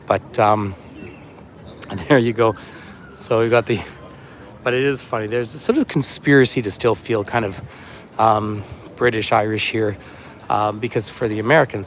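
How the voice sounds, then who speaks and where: Guy doing a walking tour livestream outside, rambly and chatty, faint street noise behind. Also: mid-range voice. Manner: chatty, rambling, reads out viewer comments. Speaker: tour guide. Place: outdoors on a city waterfront street.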